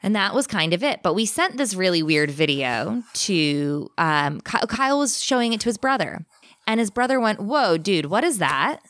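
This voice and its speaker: A woman telling a personal paranormal story in a casual chat, animated, shifting her pace for effect. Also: medium pitch, no room sound, clean studio sound. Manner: animated, vivid, speeds up and slows down for effect. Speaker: guest telling a ghost story.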